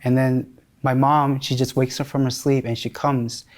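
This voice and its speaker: A New York man in his thirties tells his life story in an interview, candid and emotional, often restarting his sentences. His medium-pitched voice is level and somewhat dark, at a moderate pace.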